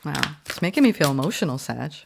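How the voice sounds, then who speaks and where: A woman giving a casual spoken tarot reading, expressive and emphatic, swinging between loud exclamations and soft murmurs, often saying "right?" and "like". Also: low voice, fast, creaky, heavy background noise. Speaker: tarot reader.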